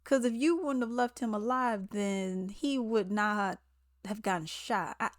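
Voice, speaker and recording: A woman, casually recapping a movie, animated and exasperated, acting out the characters' lines. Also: mid-range voice, measured pace, no echo, studio quality. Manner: chatty and animated, acts out characters' lines in quotes; exasperated, sarcastic asides. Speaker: movie reviewer.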